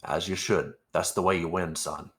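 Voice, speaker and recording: A gruff older ex-soldier adventurer, voiced by a man in a tabletop role-play stream. His voice sits very low, and he delivers his lines with a dry, teasing manner. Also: fairly even intonation, normal speed, a bit bright.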